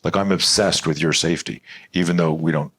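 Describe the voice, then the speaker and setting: Deep-voiced middle-aged man, rambling animated storyteller, lots of restarts and swearing. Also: fairly quick, husky. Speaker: self-defense expert guest. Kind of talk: storytelling interview talk.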